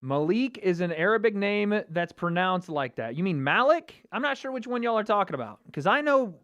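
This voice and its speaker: A man's voice: high voice, big pitch swings, moderate pace, fairly bright tone, no echo, lo-fi sound. A man hosting a casual livestream watch party, chatting and reacting to viewer comments. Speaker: livestream host.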